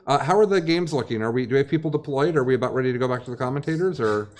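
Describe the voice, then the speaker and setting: A man's voice: medium pitch, animated, very fast, a little mellow. A man hosting a tabletop gaming livestream, rambling and joking to fill time between games. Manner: rambling, jokey, filling time. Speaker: stream host. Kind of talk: casual livestream chat.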